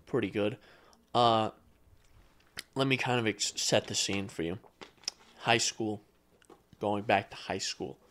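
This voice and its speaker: A man's voice: fairly low pitch, steady tone, slow pace, long pauses, fairly bright tone, slight background noise. A man co-hosting a podcast in casual chat, ranting with dry exasperation and casual swearing. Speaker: podcast co-host.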